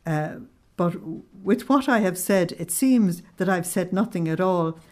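A woman's voice: on the low side, lively intonation, measured pace. Earnest woman leading a spiritual study. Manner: earnest, explains, asks tag questions. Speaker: spiritual study group leader. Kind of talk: religious teaching with read-aloud passages.

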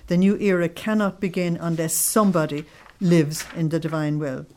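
Woman, low-pitched voice, religious study teacher, explanatory, checks in with listeners. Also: fairly even intonation, normal speed, warm tone. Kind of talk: devotional study talk.

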